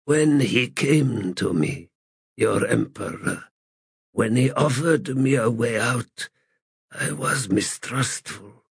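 A man voicing a broken, chained god who speaks in a frail, halting voice. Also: mid-range voice, no echo, exaggerated voice. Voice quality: frail, breathy. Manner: slow, pleading, halting.

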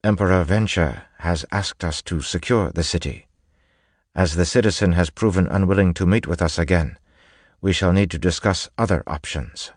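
A man voicing a calm, scholarly man who speaks in a measured, formal way. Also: sits low, breathy edge, no echo, studio quality, voice pushed up.

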